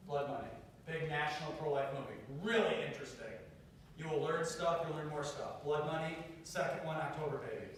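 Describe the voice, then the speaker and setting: A high-voiced man speaks to students in a big hall, his voice bouncing off hard walls and caught from a distance. He tells his stories in a near hush, then rises to loud calls to act. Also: fairly even intonation, fairly quick, slight background noise. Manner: storytelling, urges the crowd, swings from hushed to loud. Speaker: pro-life speaker. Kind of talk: campus talk to students. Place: university lecture hall. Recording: very echoey hall, far-off mic.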